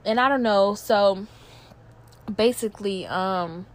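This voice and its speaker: A young woman hosting a podcast, speaking candidly in a halting, emotional monologue with many fillers and some swearing, close to tears at times. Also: mid-range voice. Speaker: podcast host. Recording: faint background noise.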